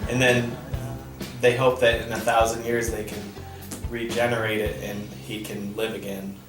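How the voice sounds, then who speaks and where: A man talking casually about songwriting in a loose, halting way, full of likes and ums. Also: lowish voice, level tone. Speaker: songwriter and harmonica player. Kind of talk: casual chat. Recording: distant mic with music behind.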